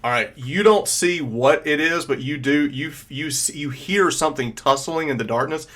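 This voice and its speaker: A man's voice: on the high side, moderate pace, a bit bright. A man narrating a tabletop game as game master, describing scenes loosely with plenty of ums and likes. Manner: rambling, filler-heavy descriptions.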